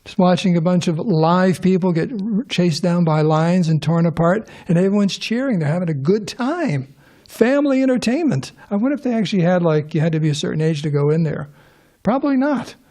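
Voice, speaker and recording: Talking fairly quickly with few pauses, a middle-aged man with a high, mellow voice gives an informal scripture lesson in a temple hall. The live audience hears him ramble, restart sentences and fire questions their way.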